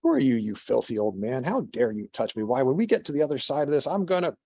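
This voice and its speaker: A man voicing a haughty, indignant wealthy merchant who yells at his servants. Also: fairly low pitch, big pitch swings, fast, vocal fry, slightly rough, exaggerated voice. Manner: indignant, yelling. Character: haughty rich male merchant, angry.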